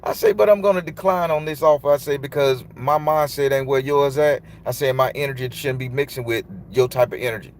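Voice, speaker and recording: A man's voice: medium pitch, fairly quick, hardly any pauses, slight background noise. A man, a tarot reader telling a long, loose, profane story in casual monologue. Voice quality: loose, profane, emphatic delivery.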